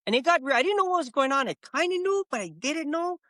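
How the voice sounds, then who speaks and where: A man's voice: extremely high pitch, quick pace, no room sound. A middle-aged man telling his own story on a podcast, acting out what he said at the time. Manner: animated, acts out his own past words. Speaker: podcast guest. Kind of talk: casual storytelling.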